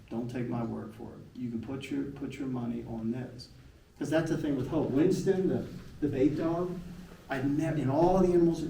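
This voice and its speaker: Animated middle-aged man speaking in an echoey hall. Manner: animated and emphatic, with big swings in pitch and frequent rhetorical questions. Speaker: motivational speaker. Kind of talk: live presentation to an audience. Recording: echoey, distant hall sound with faint noise.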